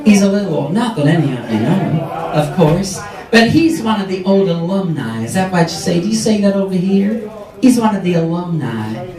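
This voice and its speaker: High, sing-song, and moderately paced, a man's voice delivers a brash, catty drag queen hostess act full of sarcastic, mock-haughty crowd work. The setting is a pub or club function room with a live audience. A far-off camera in the crowd picks up the echoey room and loud laughter and chatter.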